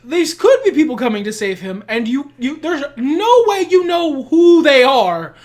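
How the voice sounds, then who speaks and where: High-voiced woman ranting about a film. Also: big pitch swings, unhurried, darkish tone. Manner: ranting, emphatic, swears freely. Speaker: podcast co-host. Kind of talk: casual film review chat.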